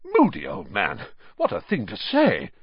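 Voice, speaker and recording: A man voicing an excitable, jovial male official who talks in a hearty, bouncy way, on slightly dull audio. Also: lowish voice, a little slow, slightly rough, no room sound, exaggerated voice.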